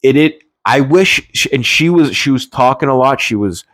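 A man's voice: mid-range voice, lively intonation, moderate pace, fairly bright tone, no room sound. Guy ranting heated about politics, dry close sound, mid voice. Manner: heated, indignant, with frequent restarts and swearing. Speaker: political commentator. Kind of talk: casual political rant.

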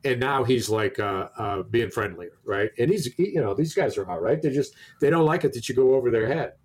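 A man telling a long anecdote in casual conversation, animated, stumbling over restarts and acting out the quoted dialogue. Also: mid-range voice, fairly quick, husky. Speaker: storyteller in a conversation.

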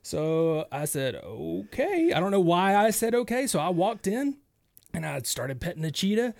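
A talk radio co-host telling stories with an animated delivery and frequent laughs. His voice is somewhat high for a man. The studio sound is dry and close. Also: moderate pace, dry recording. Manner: animated storyteller, laughs often. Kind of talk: casual talk radio storytelling.

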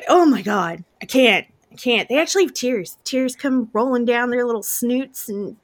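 A woman hosting a podcast in casual chat, expressive and gushing, with frequent exclamations. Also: fairly high pitch, normal speed. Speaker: podcast host.

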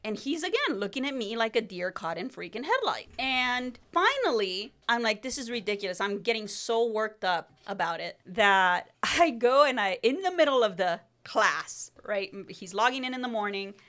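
A woman co-hosting a podcast, a mother telling a story in a lively way, acting out quoted lines and laughing as she goes. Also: a little high, normal speed, few pauses. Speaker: podcast co-host; home-schooling mother. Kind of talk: casual chat.

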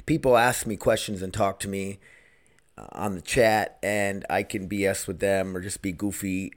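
A man's voice: low-pitched, fairly even intonation, moderate pace. A man hosting his own podcast in casual solo chat, blunt and rambling, swearing freely. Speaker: podcast host.

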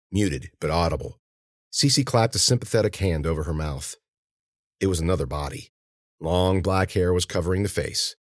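Deep-voiced man narrating a tense audiobook. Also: no echo, studio quality.

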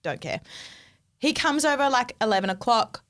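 Animated young woman storyteller. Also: on the high side, moderate pace. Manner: animated, exasperated, swears freely. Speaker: podcast co-host. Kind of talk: casual storytelling chat.

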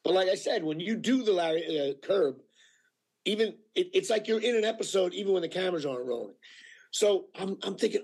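A male actor telling anecdotes in a casual interview, animated and full of fillers, acting out what people said. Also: high-pitched, moderate pace, gravelly, slightly rough. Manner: animated storyteller with many fillers, acting out quotes. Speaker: actor guest.

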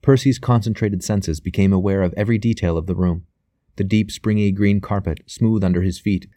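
A man reading a novel aloud as audiobook narrator, in a measured, even way. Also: deep voice, dry recording, clean studio sound. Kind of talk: scripted narration.

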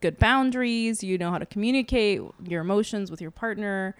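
A woman's voice: mid-range voice, a little fast, smooth, no room sound. A young woman in casual chat, candid and self-mocking, laughing often and using many fillers.

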